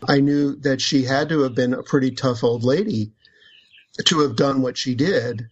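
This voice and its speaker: A man speaking as an author in a relaxed interview, at a middle pitch. He talks thoughtfully, with many restarts and fillers. The recording sounds slightly dull and muffled. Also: moderate pace, husky. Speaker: author guest. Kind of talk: conversational interview.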